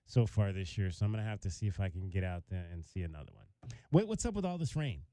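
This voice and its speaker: A man's voice: low voice, very animated, fast, warm tone, no echo. A man hosting a sports radio show, chatting casually and teasing his co-host with laughs. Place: radio studio. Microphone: studio microphone.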